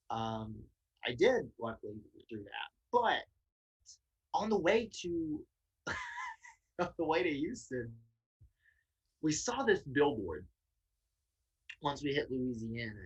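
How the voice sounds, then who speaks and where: Guy from tennessee spinning a wild road trip yarn, husky voice, swears a lot. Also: mid-range voice, highs cut off. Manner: animated anecdote telling with laughs and swearing. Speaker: guest wrestler. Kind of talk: casual storytelling chat.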